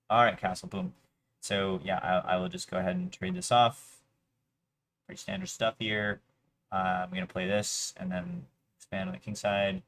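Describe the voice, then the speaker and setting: A man's voice: on the low side, vocal fry, a bit bright, slight background noise. A man streaming his workday who mutters to himself in half-finished phrases and pleads aloud with an online chess opponent. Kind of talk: casual livestream commentary.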